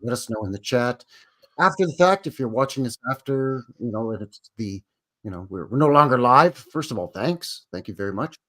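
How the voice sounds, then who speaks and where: A man's voice: mid-range voice, expressive, a little fast, a bit bright. Chatty Canadian man saying "eh". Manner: joking, chatty, drops in "eh" often. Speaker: co-host. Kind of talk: casual live-stream chat.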